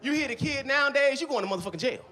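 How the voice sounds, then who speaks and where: A middle-aged man doing a stand-up comedy set on a club stage, with loud, animated storytelling and constant swearing. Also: very high-pitched, racing.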